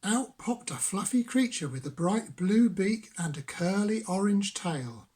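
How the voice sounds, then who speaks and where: An older man reading a children's picture book aloud as a grandfather, gentle and unhurried. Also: sits high, lively intonation, slightly rough. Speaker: grandfather storyteller.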